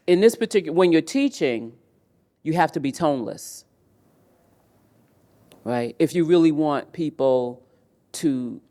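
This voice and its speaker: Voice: mid-range voice, mellow. A man moderating a live leadership summit, speaking emphatically and often repeating words as he restarts. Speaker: panel moderator and emcee. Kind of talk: live event speech. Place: event hall.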